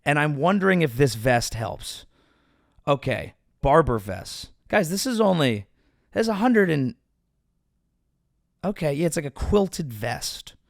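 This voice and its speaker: A male comedian hosting his show, riffing sarcastically in a rambling, animated way with sudden pitch jumps. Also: unhurried, vocal fry, long pauses, dry recording, clean studio sound. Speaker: comedian podcast host. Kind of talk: casual comedic commentary.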